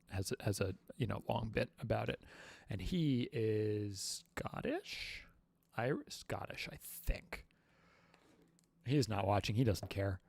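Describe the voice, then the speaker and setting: A man hosting a casual livestream Q&A, rambling and halting through lots of fillers and self-mocking jokes. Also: fairly low pitch, creaky, no echo. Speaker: livestream host.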